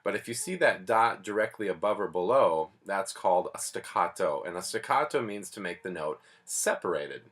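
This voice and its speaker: A man's voice: sits low, expressive, moderate pace, hardly any pauses, a bit bright. A man teaching a band lesson in a patient, plainspoken, explanatory way. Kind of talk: music lesson.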